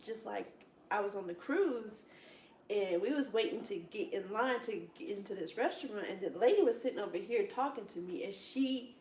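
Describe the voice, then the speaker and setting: A woman in casual chat at a Bible study, telling rambling, animated stories with lots of "it's like, wow.". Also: mid-range voice, moderate pace, a little hiss or hum. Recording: echoey room, distant from mic.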